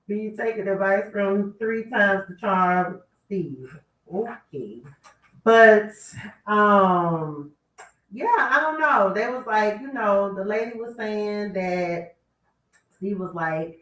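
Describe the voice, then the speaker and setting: A woman's voice: mid-range voice, lively intonation, slow pace, a bit bright. A woman hosting a radio talk show, sassily dishing celebrity gossip and talking back to people who aren't there. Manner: sassy, talks back to absent people. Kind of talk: casual celebrity gossip commentary. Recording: roomy, distant mic.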